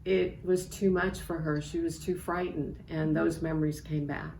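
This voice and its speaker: Woman, sixties, author reading a memoir, low gravelly voice, echoey room, faint background hiss. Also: steady tone, darkish tone. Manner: measured, reflective storytelling. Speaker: author reading from her book.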